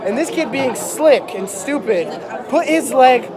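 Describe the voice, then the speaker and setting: A man's voice: extremely high pitch, lively intonation, a little slow. Mock-dramatic young man telling a story. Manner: exaggerated, mock-dramatic, rambling asides. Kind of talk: comedic storytelling to an audience. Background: crowd, laughter.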